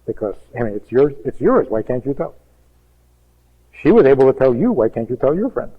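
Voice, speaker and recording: A husky-voiced male rabbi teaches with emphatic rhetorical questions, slipping into voices as he quotes people. His voice sounds narrow and tinny, as if carried over a phone line. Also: medium pitch, very animated, brisk. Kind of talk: teaching talk on relationships.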